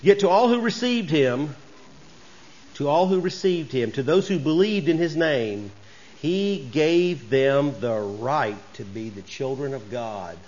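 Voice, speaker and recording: A man's voice: a little high, expressive, a little slow, a little mellow, muffled recording. A man preaching a sermon as pastor, folksy and conversational, rising to emphatic bursts.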